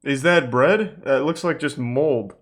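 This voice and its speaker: On a casual livestream, a man reacts to a video with sarcastic, incredulous remarks full of swearing, and reads out thanks to subscribers. His voice is mid-range and a bit bright, and he takes his time.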